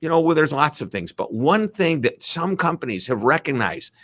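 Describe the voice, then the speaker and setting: Man, Midwestern American accent, middle-aged, interview guest, enthusiastic, bright tone, dry sound. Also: fairly high pitch, normal speed, no room sound. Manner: enthusiastic, animated. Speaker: author and guest speaker. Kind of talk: energetic interview talk. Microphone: video call.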